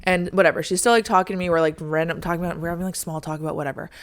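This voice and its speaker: A woman's voice: fairly low pitch, steady tone, racing. A young woman hosting a podcast, telling a story in a chatty, dramatic way, full of "like" and acted-out lines. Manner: chatty, heavy use of "like", dramatic re-enactments. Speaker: podcast host. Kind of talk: casual storytelling monologue.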